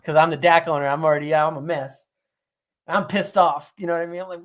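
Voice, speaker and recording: Podcast co-host, male, animated storyteller who swears freely. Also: on the high side, fast. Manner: animated storyteller, acts out quotes, swears a lot. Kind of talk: casual chat.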